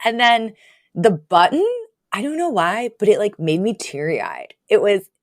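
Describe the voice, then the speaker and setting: A woman's voice: mid-range voice, sing-song, measured pace, no room sound, studio quality. Chatty woman recapping a sitcom. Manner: chatty, many filler likes, acts out quotes. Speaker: podcast co-host. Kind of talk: casual episode recap.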